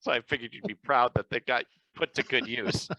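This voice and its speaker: Chatty male podcast host, expressive and bright, close dry recording. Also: medium pitch, brisk, no room sound, low-quality recording. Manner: animated anecdote-telling with acted-out quotes. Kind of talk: casual chat, storytelling.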